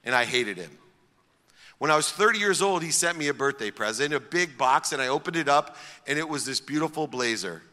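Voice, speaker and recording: A middle-aged man from Ohio recounts a personal story in an emphatic speaker's style, stacking his points in repeated lists. His voice is bright and forceful. It carries a long reverb. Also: on the high side, expressive, brisk. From Akron, Ohio, US. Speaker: public speaker.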